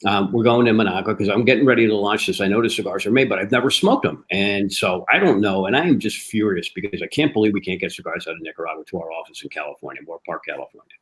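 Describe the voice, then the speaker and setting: A man telling a story in a casual interview, lively, acting out the dialogue he quotes. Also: fairly low pitch, fast, poor audio. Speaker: cigar company guest. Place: live online show.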